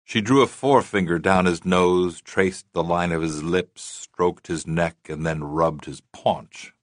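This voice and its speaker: A man narrating a novel as an audiobook in a measured, even way. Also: sits low, no room sound, clean studio sound. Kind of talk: scripted narration.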